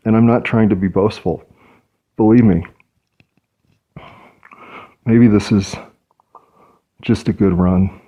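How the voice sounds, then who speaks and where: A man's voice: fairly low pitch, steady tone, slow, long pauses, warm tone. A man talking through his thoughts in a reflective personal monologue, hesitant and searching for words. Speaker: podcast host.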